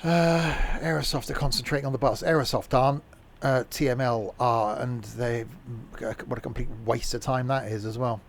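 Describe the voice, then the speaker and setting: Male streamer, gravelly, rambling casual game commentary, dry humour. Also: medium pitch, steady tone, moderate pace.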